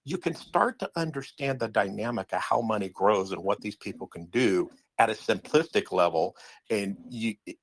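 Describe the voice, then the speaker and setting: A man's voice: lowish voice, lively intonation, moderate pace. A man hosting a casual chat, explaining things in a folksy way. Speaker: host.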